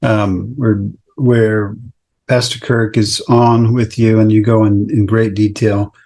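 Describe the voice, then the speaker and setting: A man co-hosting a podcast, speaking in a calm, measured way as he wraps up. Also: on the low side. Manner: calm, measured sign-off delivery. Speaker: podcast co-host. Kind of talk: casual podcast chat.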